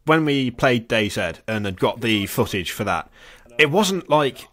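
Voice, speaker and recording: A man's voice: mid-range voice, animated, unhurried, a bit bright. A man co-hosting a casual chat, rambling and laughing between phrases. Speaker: co-host.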